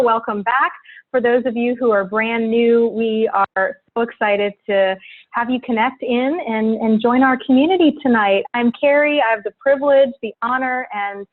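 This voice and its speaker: A woman hosting a live online event, introducing her guest in a bubbly, enthusiastic way over a video call. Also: on the high side. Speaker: webinar host. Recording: tinny phone-like audio.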